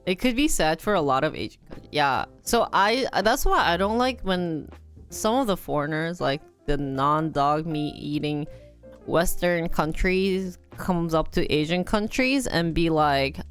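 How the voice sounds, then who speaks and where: A woman's voice: sits low, expressive, a little slow, smooth, soft background music. A young woman chatting casually on a live stream, giggly and talkative, dropping in Korean words. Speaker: livestreamer.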